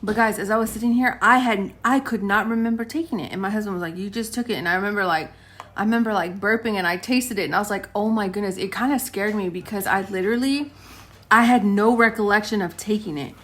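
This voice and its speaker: A woman's voice: medium pitch, quick pace, a bit bright. A woman in her late thirties chatting to camera at home, telling stories to her viewers and acting out the back-and-forth of conversations. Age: late 30s. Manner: chatty storytelling, addresses viewers as guys, acts out quotes. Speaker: vlogger. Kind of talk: casual chat to camera.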